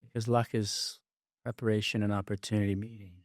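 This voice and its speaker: A man's voice: fairly low pitch, level tone, fairly quick, dry recording, studio quality. A man interviewing a friend, asking short questions and reacting with encouraging remarks. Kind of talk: conversational interview.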